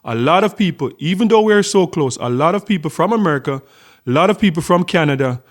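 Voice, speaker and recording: A middle-aged Jamaican man hosts a casual vlog, telling a story in a chatty way full of repeated words. His voice is on the high side and expressive, and he talks at a quick pace.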